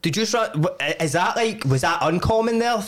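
A man's voice: high-pitched, a little fast. A young Scottish man hosting a podcast, rambling and swearing through casual chat. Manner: swearing, rambling, lively storytelling. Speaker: podcast host.

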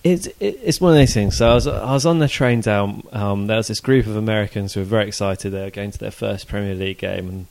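Chatty man with a gravelly voice. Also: lowish voice, quick pace, hardly any pauses, darkish tone. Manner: chatty, rambling with fillers and restarts. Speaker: podcast co-host. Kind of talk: casual football podcast chat.

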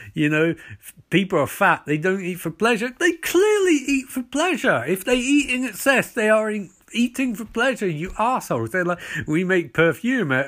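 A man's voice: fairly high pitch, a bit bright. A man ranting through a sarcastic, profane recap of a TV show. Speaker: TV reviewer.

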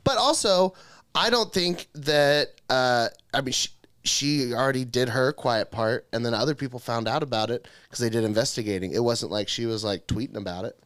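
A man's voice: medium pitch, fairly bright tone, smooth, no room sound, studio quality. A man co-hosting a podcast, joking and teasing in casual chat. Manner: joking, teasing, quick asides. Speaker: podcast co-host.

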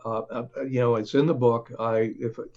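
A man who writes and reports, talking as an interview guest, halting often, with fillers and restarts. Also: mid-range voice, flat delivery, dark tone, lo-fi sound, slight background noise. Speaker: author and reporter.

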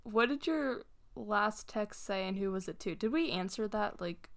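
A woman's voice: mid-range voice, lively intonation. A young woman co-hosting a casual podcast, teasing her friend and laughing often. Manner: teasing, giggly, quick to laugh. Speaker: podcast co-host. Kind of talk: casual chat.

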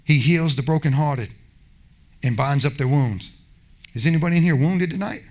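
A man's voice: fairly high pitch, moderate pace. A man preaching a passionate sermon, acting out little voices as he goes.

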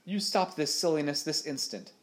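A man's voice: fairly high pitch, expressive, moderate pace, voice pushed up, close to an everyday voice. A man reading aloud, voicing a fussy, prim governess woman who scolds. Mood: scolding.

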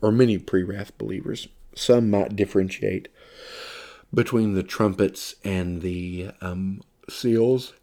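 This Bible teacher's voice is low and warm, his intonation fairly even, and he takes his time. Tired and yawning, he gives a sermon-style lesson, reading scripture with rising emphasis and loosely explaining it through fillers.

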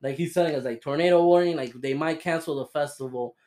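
A man's voice: mid-range voice, quick pace, a little mellow. A young man from Florida hosting a podcast, telling stories in a casual way, swearing often and laughing. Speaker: podcast host. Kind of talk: casual chat.

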